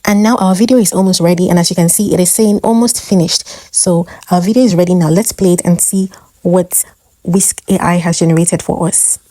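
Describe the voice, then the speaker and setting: Woman explaining a tutorial, warm low voice. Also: fairly even intonation, brisk, no echo. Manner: explanatory, step-by-step, with "um" fillers. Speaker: host. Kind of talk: tutorial narration.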